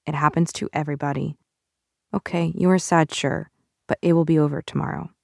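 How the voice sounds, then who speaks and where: A woman's voice: sits low, steady tone, fairly quick, gravelly, darkish tone, no echo, studio quality. A woman voicing a worried, scolding immigrant mother with a Russian accent, firm and pleading. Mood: dismissive. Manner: pleading then shaming, firm.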